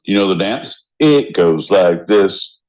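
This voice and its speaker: A man co-hosting a podcast in casual banter, rowdy and joking, often jumping into loud mock voices. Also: deep voice, animated, a little slow, rough recording. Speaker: podcast co-host.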